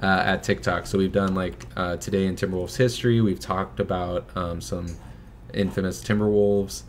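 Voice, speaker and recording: His voice sits low and his pace is moderate, with some slight background noise. This young filmmaker, the host's son, chats relaxedly on a casual fundraising livestream, using plenty of fillers and laughing softly now and then.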